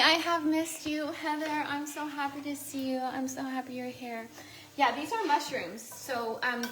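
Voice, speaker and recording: Female livestream host, higher voice, bright and excitable, cooks and talks to fans in an echoey kitchen. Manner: bubbly, greets and thanks viewers with sudden excited squeals. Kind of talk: casual livestream chat while cooking. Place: home kitchen.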